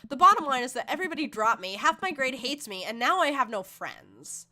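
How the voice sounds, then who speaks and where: A woman voicing an upset teenage girl who vents in a fast, rambling way. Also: high voice, sing-song, sharp tone, exaggerated voice.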